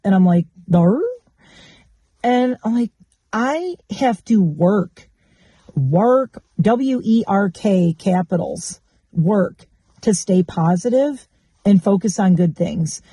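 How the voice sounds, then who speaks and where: A woman's voice: mid-range voice, slow pace, dark tone, no room sound. A woman vlogger in casual chat, talking candidly and bluntly and swearing freely.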